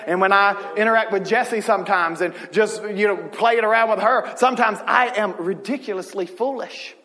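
Male pastor, sermon, high voice, animated swings from soft to shouting, long church reverb. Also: a little fast.

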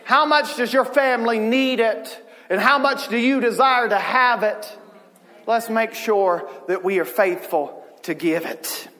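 A male pastor preaching in a church, animated and expressive as he swings from quiet intimacy to loud shouts. His voice is high and bright, with a long hall reverb behind it. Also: a little slow. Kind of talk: sermon.

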